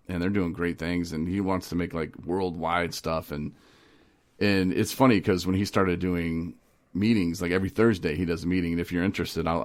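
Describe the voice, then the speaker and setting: A man hosting a casual podcast, telling stories with animated energy, laughing often and slipping into voices. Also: sits low. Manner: animated storyteller who laughs and slips into voices. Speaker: podcast host. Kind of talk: casual recovery podcast chat.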